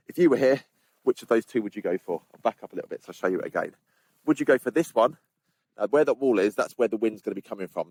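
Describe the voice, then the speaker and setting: Outdoors at a campsite on the windy fells, a low-voiced man vlogs to the camera with no room sound. He chats easily with his audience, speaking straight to them and dropping in relaxed asides.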